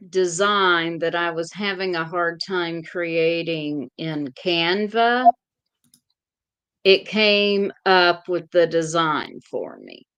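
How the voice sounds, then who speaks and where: Southern US woman, co-host, unhurried drawl, crisp tone. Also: medium pitch, bright, forceful tone, no room sound. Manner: slow, deliberate, describing cards in detail. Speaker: co-host tarot reader. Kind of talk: casual chat.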